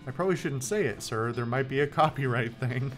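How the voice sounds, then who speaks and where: A man's voice: mid-range voice, brisk, soft background music, natural voice. A man voicing a polite, meek young male passenger in a video game.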